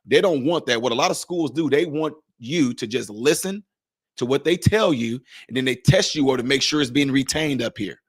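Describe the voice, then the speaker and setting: A man's voice: mid-range voice, animated, moderate pace, breathy edge, no room sound, studio quality. A man in his forties hosting a live stream, giving impassioned, preachy commentary full of rhetorical questions. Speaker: livestream host and commentator.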